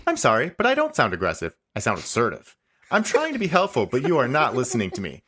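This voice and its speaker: A man reading the lines of a stubborn, passive-aggressive male AI chatbot in a comedy podcast, insisting he is right and tacking on a deadpan "smiley face". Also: medium pitch, quick pace, slightly rough, heavily acted. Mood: defensive. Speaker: podcast host. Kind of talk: comedic dramatic reading of a chat log.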